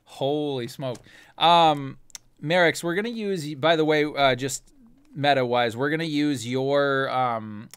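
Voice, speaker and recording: A man's voice: medium pitch, slow, a bit bright, clean tone, no room sound. A man narrating a tabletop game as game master, casual with filler words.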